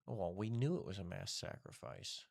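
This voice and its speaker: Gravelly low-voiced male co-host. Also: sing-song, normal speed, a little mellow. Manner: brief agreeing interjections. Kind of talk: casual live stream chat.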